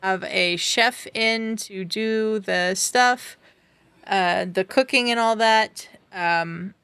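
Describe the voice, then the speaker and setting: Woman on a video call recapping a show, gravelly yet smooth, lots of ums. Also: mid-range voice, slow, bright, forceful tone, dry recording. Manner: chatty, retells scenes with filler ums. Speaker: podcast co-host. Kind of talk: casual recap chat.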